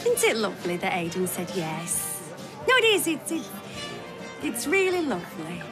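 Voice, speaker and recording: An actress as a catty bride-to-be. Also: female voice, mid-range voice, very animated, normal speed, over music, natural voice. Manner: gossipy, catty. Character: fussy bride-to-be, snobbish and competitive. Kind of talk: soap opera acting.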